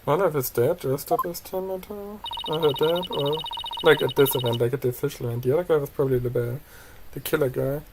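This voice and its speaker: A let's player giving casual commentary, reading game text aloud and adding quick chatty asides. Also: mid-range voice, very noisy. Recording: loud game music behind the voice.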